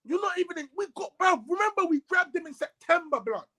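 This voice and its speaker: A man's voice: very high voice, quick pace, low-quality recording. A man ranting about football in a heated casual chat, repeating himself as he vents. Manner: animated, ranting, repeats words, London slang. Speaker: co-host.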